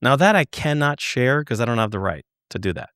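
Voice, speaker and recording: A man telling a story as a podcast guest, animated, swearing and repeating words for emphasis. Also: medium pitch, brisk, smooth, dry recording, clean studio sound. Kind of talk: casual storytelling.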